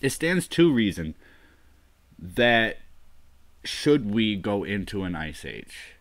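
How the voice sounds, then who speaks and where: Deep-voiced man musing on a livestream. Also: very animated, slow pace, no echo. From US northeast coast. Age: 30s. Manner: rambling, musing, drops to mutters. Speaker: livestream host. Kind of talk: solo livestream talk.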